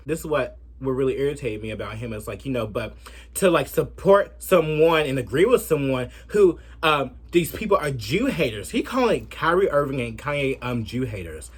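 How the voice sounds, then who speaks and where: A man giving a brash, profane commentary rant in a sassy, animated way. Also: mid-range voice, brisk, husky. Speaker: commentary vlogger.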